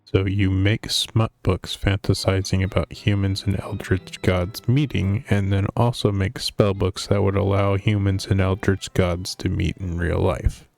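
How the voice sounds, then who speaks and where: A man's voice: deep voice, flat delivery, a little slow, creaky, few pauses, darkish tone. A man streaming a game, reading its lines aloud in a dry, wry way. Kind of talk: reading a visual novel aloud. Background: faint game music.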